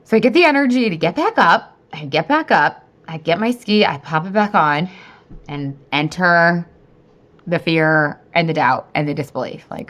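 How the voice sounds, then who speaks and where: Brief: thirties woman, podcast host and coach, casual monologue, lowish voice, chatty, swears freely. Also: normal speed. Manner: chatty and animated, swears freely, laughs often.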